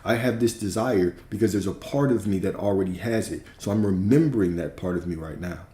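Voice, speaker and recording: A man gives a spiritual talk in an emphatic, preacherly way, repeating his points and dropping the odd swear word. His voice sits low and sounds dark and mellow. The recording is roomy, with a noticeable echo. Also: fairly quick. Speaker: spiritual teacher. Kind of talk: livestream teaching.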